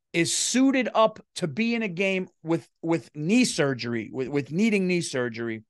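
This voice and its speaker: A man's voice: on the high side, no room sound, clean studio sound. A middle-aged man, hosting his comedy podcast in a casual, profane rant and feeling unwell. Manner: profane, animated, swings loud and quiet.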